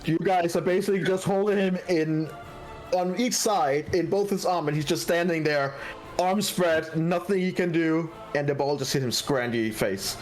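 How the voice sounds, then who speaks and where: A man narrating as game master for a tabletop role-playing session, in a measured way with small slips. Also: fairly high pitch, soft background music, low-quality recording.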